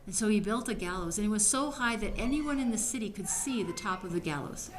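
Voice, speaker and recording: A woman Bible study teacher retelling a Bible story casually, lively and acting out the people in it. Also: mid-range voice, fast. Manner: lively, acts out quoted voices.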